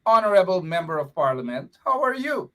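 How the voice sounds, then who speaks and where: A man hosting a live political talk show, chatty and animated with laughing asides. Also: high-pitched, a little fast. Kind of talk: casual live-show chat.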